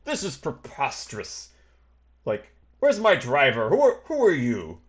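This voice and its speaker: A man voicing a pompous, cowardly middle-aged nobleman in a tabletop game, sputtering with haughty outrage in a raised pitch. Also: wildly swooping pitch, measured pace. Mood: indignant.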